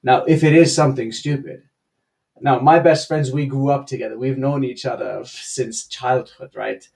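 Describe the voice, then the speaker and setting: A man's voice: medium pitch, steady tone, normal speed, creaky, darkish tone. Easygoing man co-hosting a discussion. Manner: easygoing, laughs easily, many fillers and restarts. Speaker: co-host and coach. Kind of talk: casual panel discussion.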